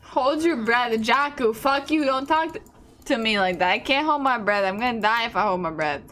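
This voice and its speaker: A woman's voice: fairly high pitch, lively intonation, moderate pace, a bit bright. A young woman streaming a game, hiccuping, giggling and swearing in casual chat.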